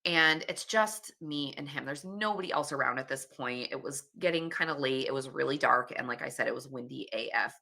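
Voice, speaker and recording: A woman's voice: very deep voice, fairly quick, vocal fry, few pauses, pushed and bright. A woman in her late thirties, a podcast host, casually telling a candid story with laughs and swearing. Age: 30s.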